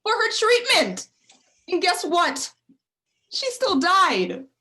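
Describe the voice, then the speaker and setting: A woman's voice: lowish voice, moderate pace, natural voice. A woman playing a defiant young woman grieving her mother, blunt and guarded, read over a video call. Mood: furious. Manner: guarded, blunt, sharp-tongued. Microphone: video call mic.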